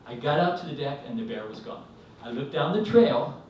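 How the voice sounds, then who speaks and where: A man's voice: on the high side, fairly quick, highs cut off, slight background noise. Rambling man telling a story on stage. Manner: rambling, animated, acts out quotes. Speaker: storyteller at a live event. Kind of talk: live storytelling. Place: live event venue, indoors. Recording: echoey hall, mic from a distance.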